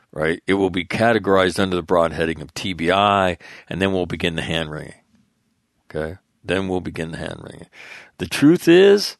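A man's voice: low-pitched, dry recording, studio quality. A man hosting a radio talk show, reading out news items and adding blunt, profane, rambling commentary full of restarts. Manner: rambling asides with restarts and repeated phrases. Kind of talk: news rundown with off-the-cuff commentary.

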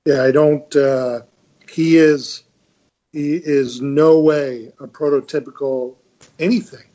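A man's voice: on the high side, steady tone, dark tone. Older man, hesitant, on a dull line. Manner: measured, hesitant, many fillers. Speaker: retired Marine colonel, panelist. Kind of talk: casual panel discussion.

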